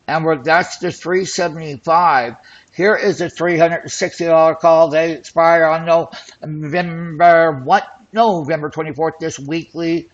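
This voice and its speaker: A man hosting an options trading show, talking excitedly and boastfully as he walks through call and put charts. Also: fairly high pitch, highs cut off. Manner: excited, boastful, hype-driven patter. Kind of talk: screen-share trading commentary.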